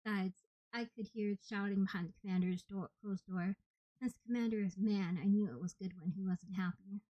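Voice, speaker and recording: A woman reads an audiobook in the first person in a mellow, steady voice. The recording is dry and a little dull, with no room sound. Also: mid-range voice, brisk, no room sound. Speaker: audiobook reader.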